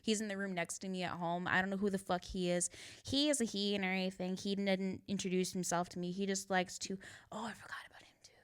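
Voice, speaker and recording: A woman's voice: mid-range voice, fairly even intonation, quick pace, smooth. A woman guest on a podcast, talking candidly and casually, with a lot of swearing and frequent laughter. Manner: candid, profane, laughs often. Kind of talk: casual chat.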